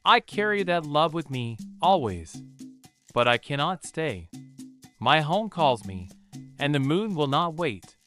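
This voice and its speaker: A gentle young moon princess bids a tender farewell in a soft, resigned storybook voice, as a male narrator reads her lines. Her words rise and fall in wide, expressive sweeps over faint, soft music. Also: fairly high pitch, a little slow.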